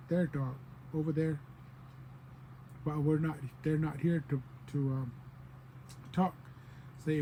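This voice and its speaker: Mellow higher-voiced man teaching casually. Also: a little hiss or hum, rough recording. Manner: relaxed and digressive, with many fillers and playful quoted voices. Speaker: language teacher. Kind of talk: informal spoken language lesson.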